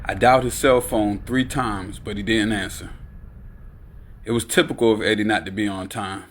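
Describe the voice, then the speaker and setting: A man reading an audiobook aloud in a steady, unhurried narration. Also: fairly low pitch. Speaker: audiobook reader.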